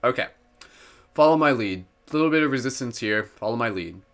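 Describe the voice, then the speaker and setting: A man's voice: mid-range voice, expressive, a little fast, a bit bright. A man hosting a live guided meditation, upbeat and giggly, with many "like" fillers. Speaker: meditation host.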